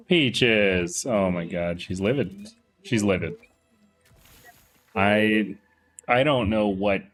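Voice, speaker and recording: A man streaming a game, chatting casually and playfully teasing his chat, often dropping into quiet muttering. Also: fairly low pitch. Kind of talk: casual live-stream commentary.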